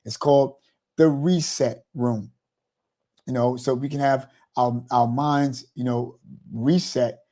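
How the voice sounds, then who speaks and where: A man's voice: mid-range voice, steady tone, slow pace, mellow. A man hosting a motivational talk, rambling and repeating "you know" as he explains. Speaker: host.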